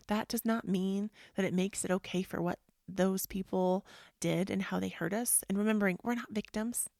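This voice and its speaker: A woman hosting a yoga and self-help talk, speaking earnestly and emphatically in a casual motivational style, sometimes dropping into soft, whispery asides. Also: mid-range voice, fairly even intonation, normal speed, gravelly, no echo, studio quality. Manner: earnest and emphatic, with frequent "like" and "freaking".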